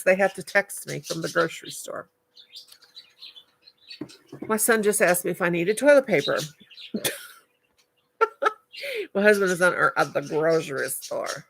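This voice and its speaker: Older woman, gravelly and bright, chatty live-stream host who calls everyone darling. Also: fairly low pitch, a little hiss or hum. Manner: chatty, affectionate, calls viewers darling and honey. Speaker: livestream host. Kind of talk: casual live-stream chat reading comments.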